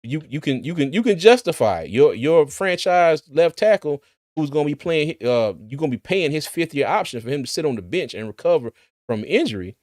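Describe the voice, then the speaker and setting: A man's voice: a little high, very animated, a little fast, darkish tone, no echo. Chatty man, dry sound. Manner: chatty, laughs often, repeats words. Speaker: sports channel host. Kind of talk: casual livestream sports commentary.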